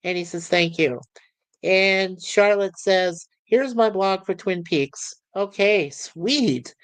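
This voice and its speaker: A man's voice: sits high, slow, fairly bright tone, clean tone, no room sound. A man hosting a live stream, chatting casually and reading viewer comments aloud in a rambling, easygoing way, laughing easily.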